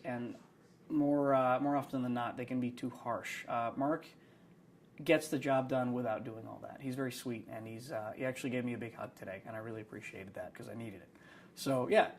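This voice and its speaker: A man's voice: medium pitch, a little hiss or hum. A young adult man, an actor, talking in a behind-the-scenes interview in a rambling, self-deprecating way with many fillers.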